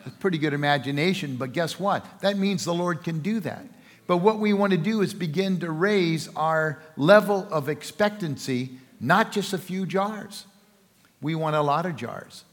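A man with a slightly high voice preaches a Sunday sermon, telling a story with playful asides and voices for its characters. His words ring out with a long reverb through a large church sanctuary. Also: normal speed. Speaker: pastor.

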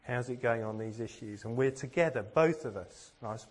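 A man's voice: medium pitch, normal speed, a little mellow. A man from England giving a sermon, earnest and self-deprecating, with plenty of rhetorical questions. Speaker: preacher.

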